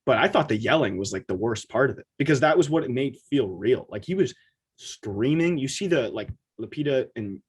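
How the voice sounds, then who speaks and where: Podcast guy talking casually, kinda husky voice, gets animated acting out quotes. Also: mid-range voice. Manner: animated, quick asides, acts out quotes. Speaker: podcast co-host. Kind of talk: casual chat.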